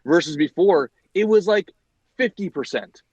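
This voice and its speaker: A man hosting a podcast, animated and argumentative as he makes his case in casual talk. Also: high voice, moderate pace, no room sound, dull audio. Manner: animated, argumentative, many fillers. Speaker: podcast host. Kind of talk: casual chat.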